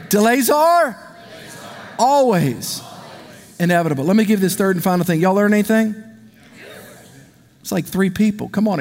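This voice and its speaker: A male pastor preaching a sermon in a large church. He is animated and conversational, and he calls out to the congregation for responses. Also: high voice. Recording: long reverb of a big hall.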